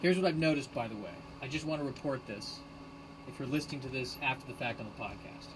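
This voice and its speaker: A man hosting a rambling solo live stream on his phone, sarcastic and self-mocking, bursting into shouted rants. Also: medium pitch, quick pace, noisy background. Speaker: podcast host streaming live.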